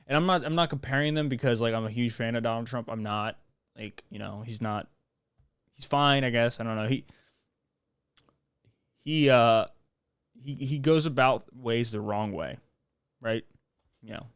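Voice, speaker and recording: A man's voice: medium pitch, smooth, no echo, clean studio sound. A young man hosting a podcast in a casual, rambling monologue, joking and restarting his sentences. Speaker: podcast host.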